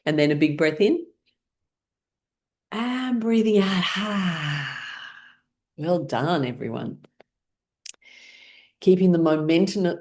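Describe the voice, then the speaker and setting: Brief: woman, low voice, laughter class teacher, very lively pitch, frequent laughing bursts. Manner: playful, leading imaginary scenarios. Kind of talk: guided online class.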